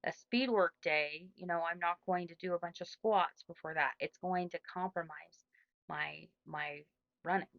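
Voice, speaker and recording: A woman's voice: on the low side, no room sound, muffled recording. A middle-aged woman, a running coach, giving casual advice in a chatty, rambling way with lots of restarts.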